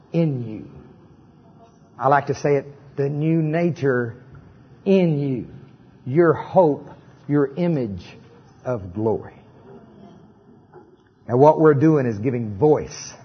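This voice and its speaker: A fairly high, slightly rough voice comes from a middle-aged man giving an animated call-and-response sermon, having the congregation repeat lines and adding joking asides, all in a muffled recording.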